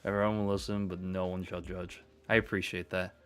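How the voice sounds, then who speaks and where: A man's voice: deep voice, little pitch movement, fairly quick, a bit bright, clean tone. A young man from New York, a streamer chatting live with his chat, swearing freely and ranting, then settling down.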